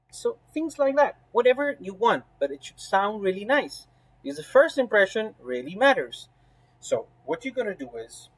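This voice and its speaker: A man with a slightly higher voice gives a spoken lesson for a medical exam course. His tone is husky and emphatic, and he checks in often with "right?" and "you know". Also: rough recording.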